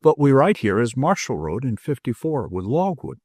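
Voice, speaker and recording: A man's voice: medium pitch, big pitch swings, normal speed, mellow, husky, no room sound. A man doing a dry, amused old doctor. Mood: dryly amused. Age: older.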